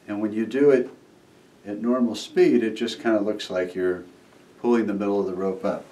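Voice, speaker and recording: A low-pitched man talks through a magic trick in a relaxed, offhand way, stopping now and then to voice the kids' heckling. He sounds a little distant from the microphone, as if it sits across the table. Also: moderate pace. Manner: relaxed, acts out the kids' replies while demonstrating. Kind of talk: casual how-to explanation.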